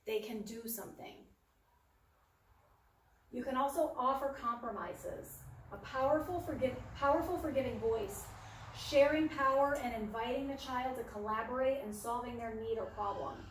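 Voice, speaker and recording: A woman presents a parenting workshop in a practical, down-to-earth way and briefly acts out the parent's side of each example. Her voice sits a little high for a woman. She sounds distant from the mic, and the room echoes noticeably. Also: normal speed, slight background noise.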